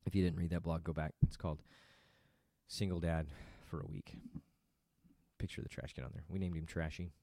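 A middle-aged father speaks in a very low, deep voice, musing about family life in a loose, rambling way. He breaks off his own sentences and tosses in joking asides. The sound is close and dry, with no room echo. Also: flat delivery, a little fast, mellow. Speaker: father vlogging about parenting. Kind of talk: casual unscripted monologue.

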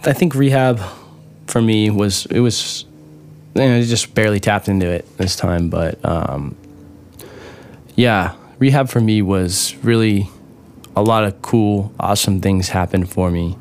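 Man, lowish voice, casual storytelling, halting, lots of fillers and restarts, swears offhandedly. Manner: casual swearing, animated when retelling funny moments. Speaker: recovering addict sharing his story.

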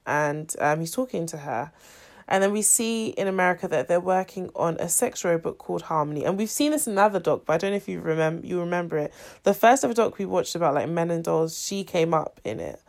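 A woman's voice: low voice, gravelly. Chatty opinionated woman co-host. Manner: chatty, lots of "like" fillers, opinionated. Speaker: podcast co-host. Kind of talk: casual chat reviewing a documentary.

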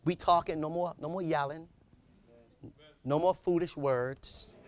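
A male preacher delivering an impassioned sermon, rising to shouts and calling out to his congregation. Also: on the high side, steady tone, a little slow.

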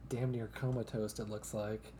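A woman with a remarkably deep, low voice chats casually as a podcast co-host, laughing often and acting out quoted lines. Faint background noise sits under her voice. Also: level tone, moderate pace, warm tone. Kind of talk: casual chat recapping a film.

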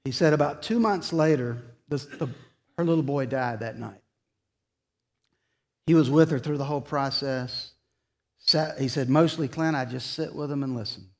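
A man preaching. He is earnest and tells the story by quoting what people said. At the solemn points his voice falls soft and slow. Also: medium pitch. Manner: retells conversations in quoted dialogue, earnest. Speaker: pastor. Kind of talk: sermon storytelling.

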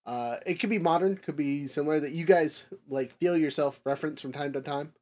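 A man's voice: a little high, a little fast, darkish tone. Rambling man hosting a podcast. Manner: rambling, filler-heavy, self-correcting; nerdy, laughs at own tangents. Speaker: podcast host. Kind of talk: casual discussion podcast.

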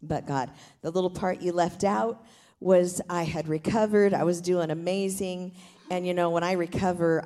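A middle-aged woman pastor preaching a sermon from a church stage, leading the congregation in call-and-response, her voice a little deeper than usual. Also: a little mellow. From Tacoma, USA.

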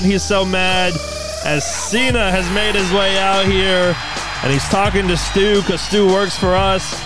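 High-voiced man calling wrestling play-by-play. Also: measured pace, over music. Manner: energetic, announcing. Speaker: host narrating as commentator.

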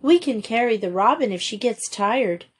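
A woman's voice: fairly high pitch, expressive, normal speed, husky. A woman reading an earnest, chattering schoolgirl. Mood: eager.

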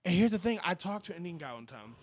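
A man's voice: high voice, big pitch swings, very fast. A man hosting a podcast in casual, blunt, profane chat, joking along with his co-host.

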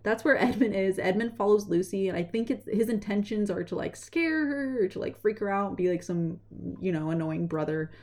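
A young woman casually retelling a story, chatty and animated, slipping into quick voices for the characters. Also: mid-range voice.

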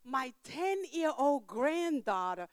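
Older woman, sermon, fairly high voice, dry close sound, dramatic storytelling, simple grammar. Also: sing-song, takes it slowly, no room sound. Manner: emphatic storytelling, with swings between loud outbursts and quiet asides; simple non-standard grammar. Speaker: preacher. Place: church.

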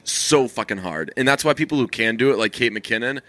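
A young man chats loosely on a podcast, rambling and swearing as he goes. His voice sits in a middle pitch, and the sound is dry and close, with little room behind it. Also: brisk, no room sound. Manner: rambling, swears freely, deadpan teasing. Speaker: podcast co-host. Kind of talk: casual chat.

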